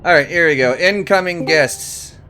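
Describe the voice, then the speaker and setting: A man's voice: a little high, moderate pace, bright, forceful tone. A man hosting a live gaming stream, chatting, greeting guests, and laughing often. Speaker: streamer host.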